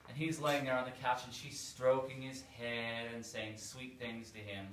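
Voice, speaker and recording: A man, a priest, telling a story to children in a playful, animated way. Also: mid-range voice, normal speed. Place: church hall. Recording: echoey room, far from mic, faint noise.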